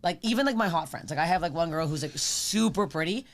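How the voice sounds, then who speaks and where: A woman in her thirties, a podcast guest, telling profane, animated comic stories in casual chat. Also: lowish voice. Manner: rapid, profane, animated storytelling.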